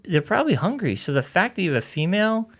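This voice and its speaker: A man's voice: sits high, sing-song, fast, fairly bright tone. A man co-hosting a TV discussion podcast, chatting casually with wry, joking remarks. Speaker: podcast co-host. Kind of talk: casual chat.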